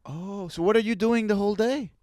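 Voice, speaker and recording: A man's voice: sits high, brisk, no room sound, studio quality. A man co-hosting a podcast, teasing and joking with his co-host in casual chat. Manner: teasing, lively.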